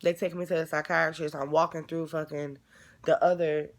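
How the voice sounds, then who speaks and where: A woman's voice: low voice, little pitch movement, normal speed. A woman vlogger telling a painful personal story in a casual, candid, profane way.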